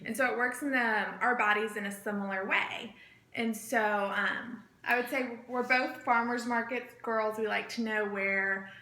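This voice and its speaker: A woman's voice: fairly high pitch, steady tone, a little slow, bright, forceful tone, echoey room. A woman co-teaching an impromptu class in an easygoing, agreeable way.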